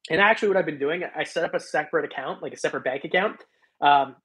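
A man's voice: on the high side, fast, fairly bright tone, breathy edge. A man hosting a reptile live stream, chatting casually and rambling as he thanks viewers by name. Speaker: reptile channel host.

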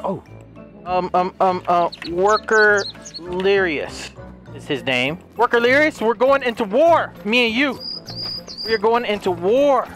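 A young man with a high, bright voice commentates his own gameplay. His delivery swings widely up and down, excitable and playful, with casual swearing. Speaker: gaming YouTuber.

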